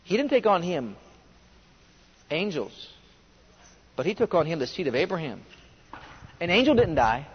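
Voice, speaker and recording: A man's voice: a little high, sing-song, moderate pace, pauses often, husky. A man preaching a fervent sermon, reading scripture and rising to emphatic bursts. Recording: long hall reverb, dull lo-fi sound.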